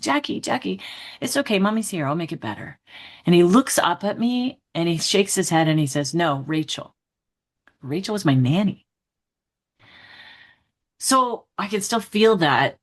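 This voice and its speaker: A middle-aged woman, a trainer and author, telling candid personal stories as an interview guest and acting out her own past thoughts as she goes. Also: deep voice. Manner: animated storyteller who acts out her own past thoughts; upbeat and candid, with frequent "like" and "right?". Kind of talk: casual interview storytelling.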